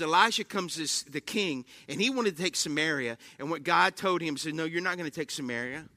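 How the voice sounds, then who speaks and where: A man's voice: fairly high pitch, no room sound. A man preaching a sermon, telling stories animatedly, acting out exclamations and often asking the congregation questions. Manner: animated storytelling with acted-out exclamations; asks the congregation frequent questions.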